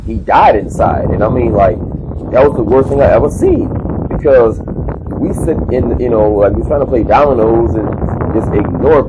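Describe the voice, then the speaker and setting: A man's voice: mid-range voice, narrow, tinny audio, noisy background. A man casually telling a personal story, rambling with lots of filler words and street slang. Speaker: channel host telling a prison story.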